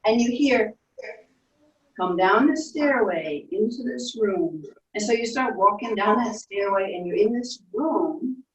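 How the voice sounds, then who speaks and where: A woman with a voice on the high side leads children through a guided imagination story, recorded in an echoey room far from the mic. As the instructor, she tells it softly and adds playful sound effects.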